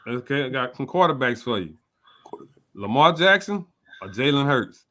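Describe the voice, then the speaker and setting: A man's voice: medium pitch, sing-song, normal speed, a bit bright. Laid-back man giving friendly advice. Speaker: host. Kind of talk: casual interview.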